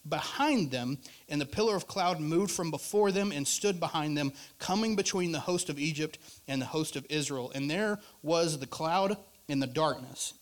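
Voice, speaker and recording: A male pastor preaching a sermon in a conversational way, rising to loud emphasis and dropping to quiet asides. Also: a little high.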